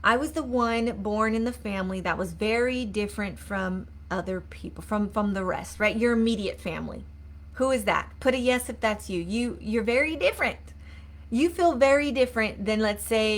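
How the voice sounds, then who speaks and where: A woman's voice: medium pitch, fairly bright tone. A woman coach giving an earnest live-streamed motivational talk, repeating herself and asking viewers to comment. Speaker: mindset coach.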